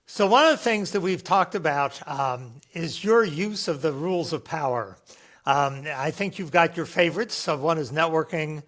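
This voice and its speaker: An older man hosts a podcast interview, putting his questions in a measured way with soft fillers between phrases. His voice sits somewhat high for a man. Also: lively intonation. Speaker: podcast host, professor.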